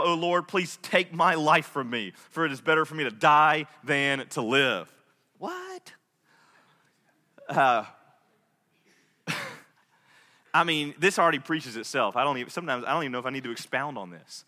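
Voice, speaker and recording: A man preaching a sermon as a pastor, swinging between loud, lively stretches and hushed, intimate ones. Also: a little high, normal speed, pauses often, long reverb tail.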